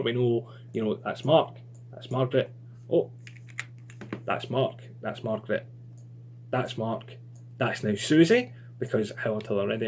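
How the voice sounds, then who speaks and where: A man's voice: mid-range voice, a little slow, darkish tone. Guy teaching a writing class online, loose n chatty, faint hum in the background. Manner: chatty and informal, lots of fillers. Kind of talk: online lesson.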